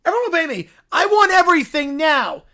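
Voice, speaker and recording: A woman's voice: big pitch swings, a little fast, sharp tone, full character voice. A woman voicing a whiny, spoiled bratty girl who whines and makes demands in a video clip. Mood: whining. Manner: shrill, whining, demanding.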